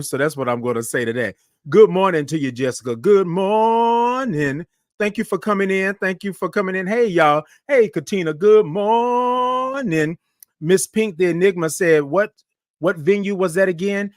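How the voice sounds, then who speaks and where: A man's voice: a little high, no room sound, studio quality. Upbeat man hosting a live chat. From Houston, Texas. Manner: upbeat and effusive, repeats phrases, reads comments aloud. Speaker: livestream show host. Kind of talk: casual live-stream chat greeting viewers.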